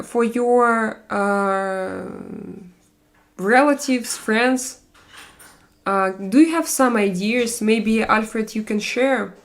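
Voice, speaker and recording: A woman's voice: on the high side, slow. A woman in her forties with a Russian accent, hosting a casual live stream and chatting with viewers, speaking non-native English with many fillers and restarts. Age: 40s.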